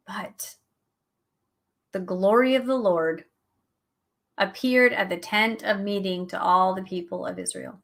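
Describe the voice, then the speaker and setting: A middle-aged woman hosting a show, teaching a Bible study in a conversational, animated way and laughing at herself now and then. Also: mid-range voice, slow, long pauses. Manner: animated, chatty, acts out quotes, laughs at herself.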